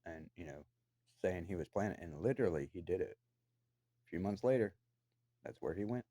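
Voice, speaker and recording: A man's voice: sits low, animated, brisk, dark tone, no room sound. A man delivering an angry, profane, accusatory rant to the camera from his own room downstairs in a house. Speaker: vlogger.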